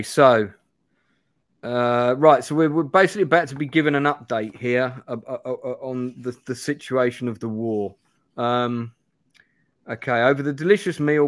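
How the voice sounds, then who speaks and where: A man hosts a live play-through, moving between reading aloud and casual asides. His mid-pitched voice is chatty and full of self-deprecating rambling. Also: no echo, studio quality. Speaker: host reading a gamebook live. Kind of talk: live-stream play-through narration and chat.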